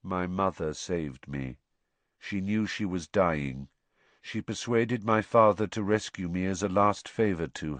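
A dazed young man recites his confession in a flat, empty monotone, read by a man. The voice sits low and moves slowly. It is recorded dry and close. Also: no echo.

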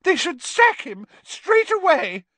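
A tearful teenage schoolgirl cries out in a very high, shrill voice, as a male narrator puts her on. It is loud and recorded close and dry. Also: big pitch swings, takes it slowly, no room sound, full character voice.

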